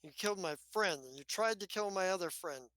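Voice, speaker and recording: A man voicing a hot-headed female fighter who swears and yells in anger. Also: sits high, lively intonation, brisk, a little hiss or hum. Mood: angry. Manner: angry, swearing.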